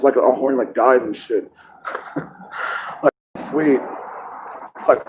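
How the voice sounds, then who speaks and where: A man's voice: mid-range voice, takes it slowly, pauses often, noisy background. A man talking in a rambling, profane monologue, laughing often and restarting his sentences.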